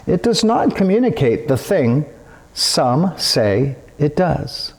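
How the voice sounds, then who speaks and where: A middle-aged male pastor delivers a sermon at an unhurried, measured pace. His voice sits at an ordinary pitch but moves expressively, lifting and dropping to stress his points. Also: gravelly. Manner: slow, deliberate preaching with animated inflection.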